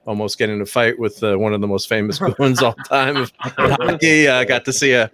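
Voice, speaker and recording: A man who is a guest on a casual panel stream, talking in a relaxed way with lots of uhs. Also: medium pitch, brisk, a little hiss or hum. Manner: relaxed, many uhs, light laughs. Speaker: panel guest, channel creator.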